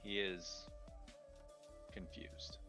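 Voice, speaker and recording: Deep-voiced man as game master. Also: level tone, extremely slow. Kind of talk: narrating a tabletop game. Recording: dull lo-fi mic with music behind.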